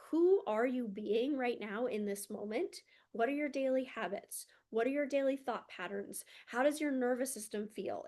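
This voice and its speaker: A woman with a slightly high voice and a darkish tone speaks as a spiritual mentor in an earnest, emotional motivational monologue, frequently saying "like." It was recorded at home in a room with candles and rugs.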